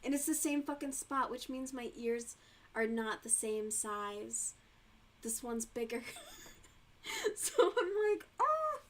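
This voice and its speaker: A woman's voice: a little high, little pitch movement, takes it slowly, long pauses. A woman hosting a livestream and chatting casually while she crochets, laughing often and swearing freely. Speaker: livestream host.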